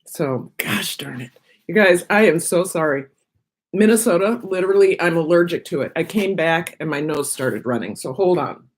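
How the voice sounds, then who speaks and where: Middle aged lady rambling on her live stream, lowish voice, munching while she talks. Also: animated, moderate pace. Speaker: vlogger on her own channel. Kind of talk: casual live-stream chat.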